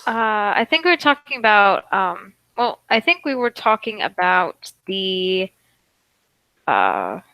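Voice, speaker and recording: Bright-voiced woman narrator, dry sound. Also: medium pitch, sing-song, takes it slowly, creaky, no echo, low-quality recording. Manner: hesitant, many fillers. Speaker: narrator and co-host. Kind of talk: casual chat.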